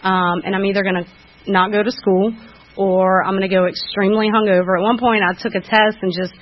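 List: woman, recovery talk, frank and self-critical, halting with fillers, mid-pitched voice, dull lo-fi sound. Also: flat delivery. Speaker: speaker sharing at a recovery meeting. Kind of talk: candid personal recovery testimony. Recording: dull lo-fi recording.

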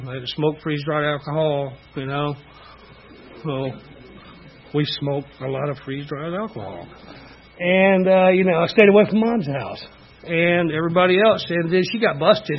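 A man's voice: on the high side, muffled recording, a little hiss or hum. A middle-aged man giving a candid, rambling personal testimony at a recovery meeting, full of "you know" fillers. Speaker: speaker sharing recovery story.

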